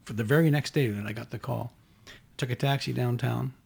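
Canadian host, gravelly and a bit husky, measured storyteller. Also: male voice, medium pitch, darkish tone. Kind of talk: casual chat.

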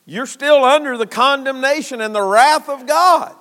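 A man preaching a sermon in a church, folksy, at times shouting and at times dropping low. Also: moderate pace, big-room sound.

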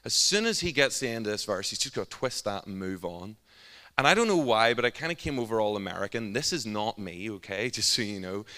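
A man with a Northern Irish accent preaching a sermon through a funny, animated personal story. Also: lowish voice, brisk. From Northern Ireland. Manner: humorous and animated, often laughing at his own story. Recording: long hall reverb.

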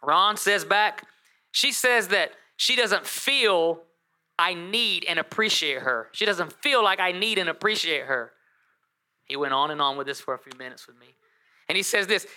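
Male pastor, sermon delivery, bright forceful voice, animated storyteller with playful asides. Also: high voice, moderate pace.

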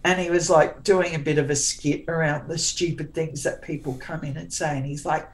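A forthright woman in her forties talks as an interview guest, with a notably low, deep voice. She is sarcastic and plain-spoken, often starting a phrase twice before carrying on. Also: fairly even intonation, moderate pace, hardly any pauses, low-quality recording. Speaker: guest author. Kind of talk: candid interview chat.

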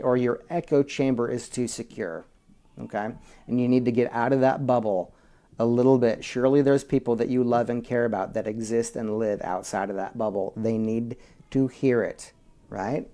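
Man preaching with wide dynamic swings. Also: medium pitch. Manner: animated preaching that swings from whispers to shouts; call-and-response with the congregation. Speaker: pastor. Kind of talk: sermon.

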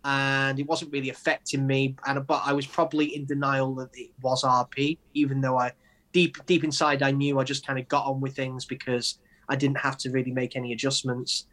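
Halting English man talking openly. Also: mid-range voice, flat delivery, a bit bright. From England. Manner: halting, many restarts and fillers. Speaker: guest, poet. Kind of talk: conversational interview.

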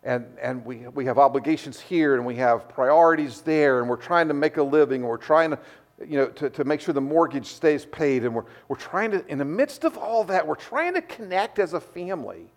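A middle-aged male pastor delivers a sermon with a fairly high voice. He often repeats words as he restarts a phrase. He tells his stories with lively energy. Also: moderate pace.

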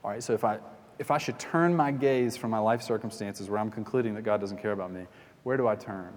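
A man's voice: lowish voice, a little fast, darkish tone, big-room sound. A man preaching a sermon in a conversational way, now and then acting out scenes as he retells them. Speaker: pastor.

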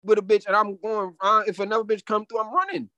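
A man's voice: high voice, fast talker, pushed and bright. A man co-hosting a podcast in casual chat, talking bluntly and defiantly with plenty of profanity. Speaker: podcast co-host.

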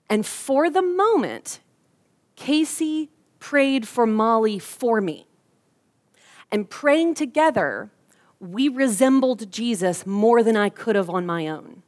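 A woman, preaching a sermon and telling a personal story with humor. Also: high voice. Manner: storytelling with humor, lively quoted voices. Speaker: pastor.

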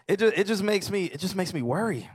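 A man's voice: high voice, animated, normal speed, breathy edge, no room sound. A man hosting a casual music review podcast, chatty and loose, laughing easily. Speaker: podcast host.

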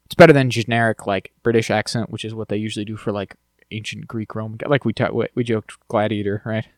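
A man's voice: fairly low pitch, flat delivery, fast talker, dry recording. A man co-hosting a podcast in casual chat, chatty and joking as he thinks aloud. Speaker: podcast co-host.

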